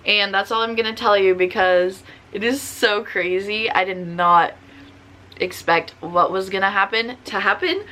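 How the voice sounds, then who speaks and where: A woman's voice: medium pitch, bright, forceful tone. A young woman vlogging casual book reviews, chatty and gushing, with lots of filler words.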